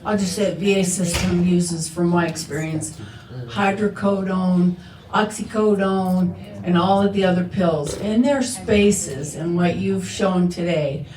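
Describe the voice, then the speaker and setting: A woman in a conference audience asking a long question, slowly searching for her words. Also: on the low side, steady tone, crowd noise. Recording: echoey room from far off.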